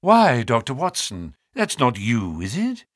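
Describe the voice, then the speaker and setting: A man's voice: wildly swooping pitch, unhurried, breathy edge, no echo, studio quality, full character voice. Man putting on a fussy, jittery naturalist. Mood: anxious. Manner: high, fluttering exclamations. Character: jaunty, nervous male naturalist, fussy and overly polite.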